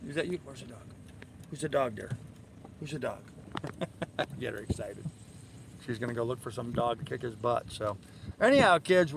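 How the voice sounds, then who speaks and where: Over a noisy background, an older sailing vlog host with a slightly high voice streams live from his moored sailboat in a harbor, outdoors at evening. He reads viewers' comments aloud and answers them in a laid-back, rambling style thick with fillers.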